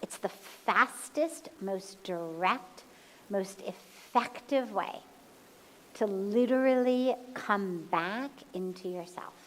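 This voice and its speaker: Woman spiritual teacher, unhurried and calm, guides breathing, slow delivery. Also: medium pitch, slight background noise, poor audio. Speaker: spiritual teacher answering questions. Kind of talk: slow, gentle satsang talk. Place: satsang hall.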